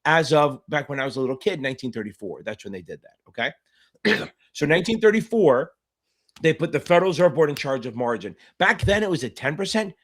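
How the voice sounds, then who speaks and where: A man's voice: on the high side, sing-song, fast. A middle-aged man tutoring exam candidates in a live-streamed Q&A, blunt, profane and provocative, wandering into side stories. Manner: rambling digressions.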